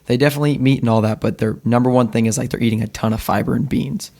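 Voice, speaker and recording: A man's voice: medium pitch, fairly even intonation, rapid-fire, gravelly, darkish tone. Earnest male personal trainer. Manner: earnest, explaining, filler "like". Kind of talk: casual interview chat.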